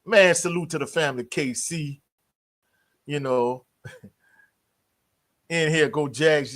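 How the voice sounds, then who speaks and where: A man's voice: fairly high pitch, slow, pauses often, fairly bright tone. A man hosting a livestream about college football, talking in a casual, slangy way and greeting viewers in the chat. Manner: laid-back, slangy, greets chat members. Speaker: sports livestream host. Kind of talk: casual live sports talk.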